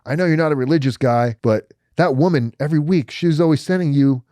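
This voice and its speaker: A teasing, good-natured male bunkmate, as a storyteller puts him on, pitched noticeably higher than the teller's own talk. The voice has a cheerful lift and a playful, needling edge. The tone stays light and upbeat. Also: fairly quick, warm tone, no room sound, clean studio sound, natural voice.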